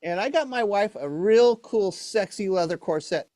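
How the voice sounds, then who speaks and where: A man's voice: high-pitched, animated, moderate pace, darkish tone, no room sound, clean studio sound. A middle-aged man performing a ventriloquist comedy act, playing the exasperated straight man to his puppet.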